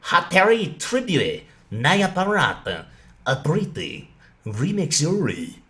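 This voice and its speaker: A man's voice: a little high, very animated, slow, sharp tone, faint music behind. A young man hosting a commentary video, reading a document aloud and reacting with sarcasm, swearing and laughter. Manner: sarcastic, profane, often laughing.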